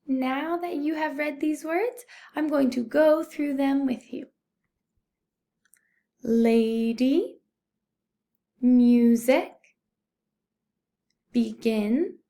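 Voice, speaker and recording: A young woman teacher giving a recorded phonics lesson to young children, speaking slowly and clearly, patient and encouraging. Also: high voice, warm tone. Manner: slow, clear, patient teaching voice, addressing "boys and girls". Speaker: first-grade teacher.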